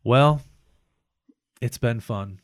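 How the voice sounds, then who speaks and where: In a dry recording, a man with a medium-pitched voice tells a long complaint story extremely slowly and casually. He swears often and acts out the voices of the people he quotes in an animated, profane retelling.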